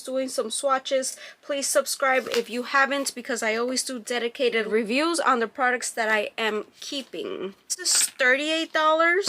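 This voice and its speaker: A woman vlogger with a high, sharp-toned voice does a casual beauty box unboxing review, reading labels aloud and gushing over packaging.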